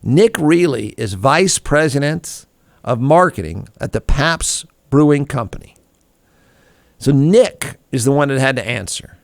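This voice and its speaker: A man's voice: medium pitch, gravelly, no echo, clean studio sound. A man hosting a talk show, ranting in a snarky, irreverent way and laughing at his own jokes. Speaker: radio show host. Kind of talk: comedic talk show rant.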